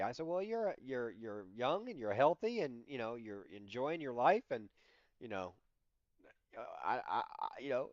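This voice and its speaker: Chatty sixty-year-old man, smooth and dry. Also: mid-range voice, lively intonation, normal speed, no room sound, muffled recording. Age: 60s. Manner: chatty storytelling, laughs often, acts out his own quoted lines. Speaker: livestream host. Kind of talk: casual livestream chat.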